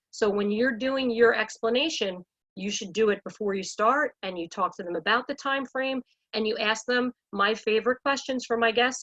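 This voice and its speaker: A woman's voice: medium pitch, fairly bright tone. A woman speaking as a salon business coach in a panel talk, talking with emphatic energy and acting out scripts for clients. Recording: dull lo-fi audio.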